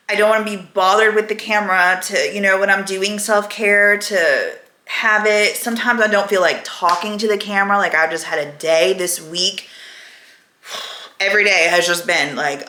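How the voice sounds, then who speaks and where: Bright-voiced woman chatting in a roomy space. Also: mid-range voice. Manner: rambling, candid, chatty. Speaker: vlogger. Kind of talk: casual weekly vlog chat. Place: at home, indoors.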